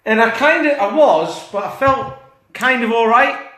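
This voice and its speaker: Chatty man, bright and roomy. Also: extremely high pitch, a little slow. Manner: chatty, rambling, self-interrupting. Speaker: fitness coach. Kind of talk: casual talking-head vlog. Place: indoors. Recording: roomy echo.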